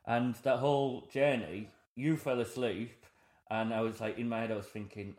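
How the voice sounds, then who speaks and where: A man's voice: mid-range voice, fairly even intonation, normal speed, a little mellow, echoey room. A young man telling a rambling, self-mocking story in casual chat.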